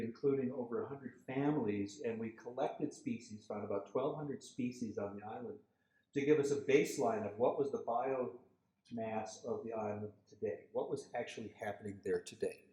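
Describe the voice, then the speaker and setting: A man giving a guest lecture, telling lively anecdotes about a park design project. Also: medium pitch. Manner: storytelling, animated quoted voices. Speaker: guest lecturer, landscape architect. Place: lecture hall. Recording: echoey lecture hall.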